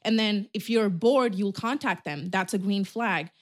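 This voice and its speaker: A young woman co-hosting a podcast, talking candidly in a rambling, animated way about her own thoughts and habits. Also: mid-range voice, measured pace. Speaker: podcast co-host. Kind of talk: casual chat.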